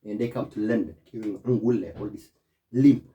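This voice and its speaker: A man's voice: fairly low pitch, normal speed, muffled recording. A middle-aged man talking in a rambling, digressive monologue, often calling the listener "my friend". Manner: animated, keeps saying "my friend", digressive.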